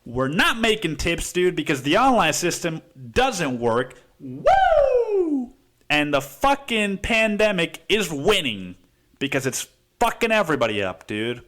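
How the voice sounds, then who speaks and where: A man's voice: on the high side, sing-song, moderate pace, sharp tone. A man hosting a podcast, telling a story in a rambling, profane way and saying "dude" constantly. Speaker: podcast host. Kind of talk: casual storytelling monologue.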